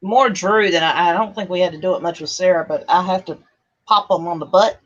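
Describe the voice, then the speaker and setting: A woman's voice: lowish voice, a little fast, lo-fi sound. A woman in a casual chat, speaking frankly about disciplining her son.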